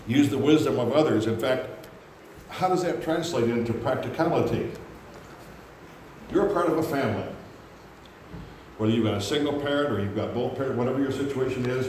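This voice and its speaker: A man preaching a sermon, animated, acting out quotes in loud high voices. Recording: very echoey room with faint background hum.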